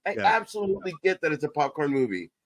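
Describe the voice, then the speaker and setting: A man's voice: on the high side, sing-song, fast talker, dry recording. A man co-hosting a podcast in casual chat, blunt and joking, swearing often. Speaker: podcast co-host.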